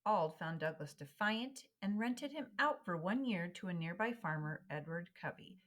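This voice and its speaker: A woman reading a historical memoir aloud in a measured, expressive way, slowing down for emphasis. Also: fairly low pitch. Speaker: reader.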